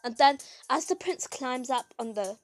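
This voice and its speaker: A woman with a high, very animated voice talks casually over gameplay. She rambles through stories, full of fillers and sudden exclaims. Soft game music plays underneath. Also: normal speed, low-quality recording. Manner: rambling storytelling with many "like"s; expressive, swings to exclaims. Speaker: gaming channel host.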